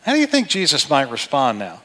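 A middle-aged man delivers a sermon from the pulpit. His voice is bright and forceful, conversational one moment and emphatic the next. A long reverb from a large church hall trails behind every phrase. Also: medium pitch, huge pitch swings, brisk. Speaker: pastor.

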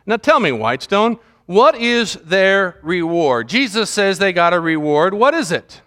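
A man's voice: high voice, lively intonation, normal speed, hardly any pauses, pushed and bright. A man preaching a sermon as pastor, joking and mimicking how people pray.

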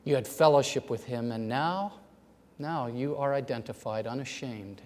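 A man preaching a sermon in a church, moving between loud, fervent passages and hushed near-whispers. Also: mid-range voice, normal speed. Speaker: pastor. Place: church sanctuary. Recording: long hall reverb.

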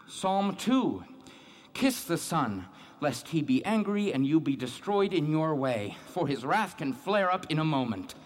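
Speaking in a fairly high voice with big pitch swings and an unhurried pace, an actor plays a devout, troubled man reading scripture alone. Throughout this dramatic monologue he questions his own guilt and faith, searching and doubting himself.

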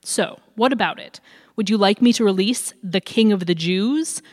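Stern Roman governor read by a woman, insistent and questioning, mid pitch, reverberant hall sound. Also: moderate pace, lightly acted. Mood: pressing.

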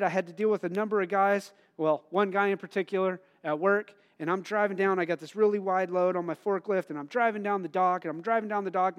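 A middle-aged man preaching a conversational sermon, asking the congregation questions and telling personal stories with bursts of loud emphasis. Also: high voice, clear, resonant tone. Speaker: pastor.

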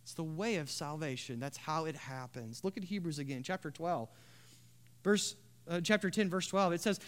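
A man preaching a sermon, building to loud emphatic swells and dropping to quiet, earnest tones. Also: on the high side, expressive, moderate pace. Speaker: pastor.

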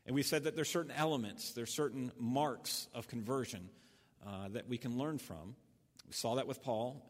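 A man preaching a sermon as pastor, telling a folksy story with lots of fillers and restarts. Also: medium pitch. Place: church sanctuary. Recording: church hall reverb.

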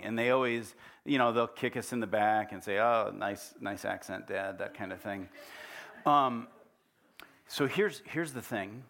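A man's voice: lowish voice, a bit bright. A middle-aged man preaching a sermon in a church, conversational and often putting questions to the congregation. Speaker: pastor.

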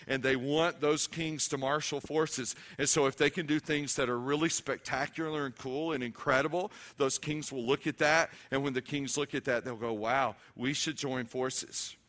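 A middle-aged man preaching a sermon, animated and emphatic, mixing humor with scripture. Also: mid-range voice. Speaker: pastor.

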